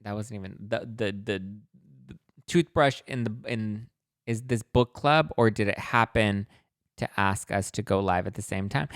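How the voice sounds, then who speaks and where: A man's voice: fairly low pitch, a little slow, no echo, studio quality. A man hosting a gossipy book recap, talking in a catty, sarcastic, chatty way. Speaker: host.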